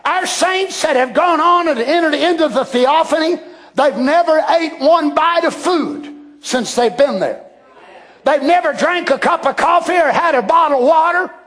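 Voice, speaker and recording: A man preaching a sermon with passion, dropping to a hush and then rising to shouts. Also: extremely high pitch, unhurried. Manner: impassioned, swinging between hushed and shouted.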